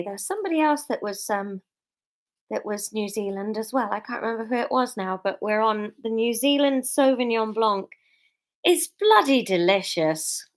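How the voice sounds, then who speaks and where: Tipsy, chatty woman. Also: medium pitch. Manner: chatty, rambling, giggly. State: a bit tipsy. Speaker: comedian and author reading her serial story. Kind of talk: casual livestream chat and story reading. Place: at home.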